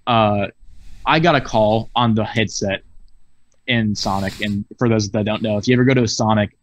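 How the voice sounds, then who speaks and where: A man, a podcast guest, telling a long workplace story in a casual, profane, animated way over a video call. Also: on the low side, moderate pace. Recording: dull lo-fi video call audio.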